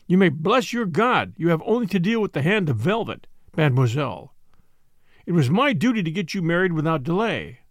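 Man voicing a sardonic old nobleman, stern, measured, storybook reading. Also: on the high side, big pitch swings, no echo, clean studio sound. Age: older.

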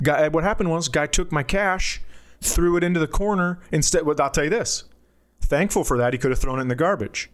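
A man, a podcast co-host and comedian, telling a story in casual chat and jumping high when he quotes people. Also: fairly quick. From United States. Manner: animated storyteller, jumps to high voices for quotes.

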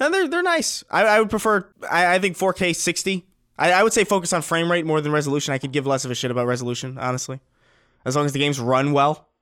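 Relaxed man, casual swearing. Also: a little high, quick pace, clean tone. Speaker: podcast co-host. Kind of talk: casual podcast chat.

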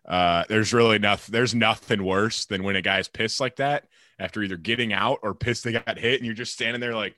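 A man co-hosting a podcast, chatting casually with quick joking asides and acted-out quotes. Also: lowish voice, bright, forceful tone, no echo, studio quality. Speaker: podcast co-host, baseball player. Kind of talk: casual chat.

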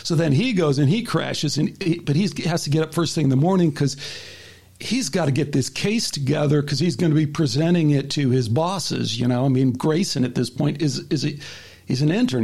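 A man's voice: on the high side, creaky, a little mellow, slightly rough. A man hosting a casual talk show, animatedly retelling a story and acting out the voices in it. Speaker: podcast host.

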